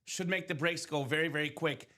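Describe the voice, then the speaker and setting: Bright-voiced, high, hyped-up host. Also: male voice. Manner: energetic, hyping items with quick asides. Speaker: host of a live sports card and memorabilia break stream. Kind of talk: upbeat live-stream sales banter. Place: stream studio break room.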